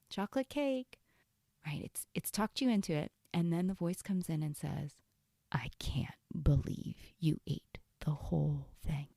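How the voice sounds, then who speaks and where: A woman hosting a self-help podcast, talking earnestly in a casual way and often dropping to a soft whisper. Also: on the low side, creaky, no echo, studio quality. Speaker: podcast host and coach.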